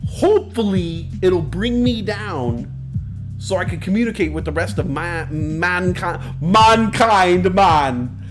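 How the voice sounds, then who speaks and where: Man streamer, high voice, unhurried rambling chat, light music behind. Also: lively intonation. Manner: rambling and crude, drifting into silly asides. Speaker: livestream host.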